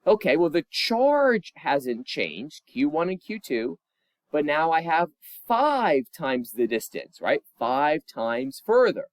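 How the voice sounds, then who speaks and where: A man's voice: fairly high pitch, slow pace, dry recording. A male physics teacher talking through homework solutions in a chatty, encouraging way, recorded at his computer. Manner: lively, chatty and encouraging, with asides.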